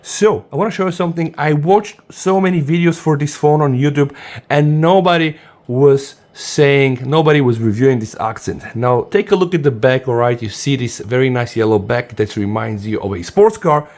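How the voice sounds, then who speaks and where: A man's voice: mid-range voice, normal speed, a little mellow. Eager man reviewing a phone. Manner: enthusiastic, often says "guys". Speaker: tech reviewer. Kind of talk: casual unboxing review.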